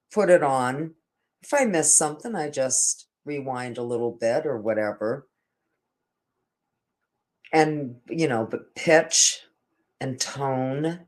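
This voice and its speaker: An older man talks through a long, wandering story in a plain conversational voice. He circles back on himself, stumbles over repeated words and restarts his sentences mid-thought. It sounds like an unscripted chat aimed at a camera. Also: medium pitch. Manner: meandering, with frequent restarts and stammered repeats. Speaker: vlogger. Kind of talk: casual rambling storytelling.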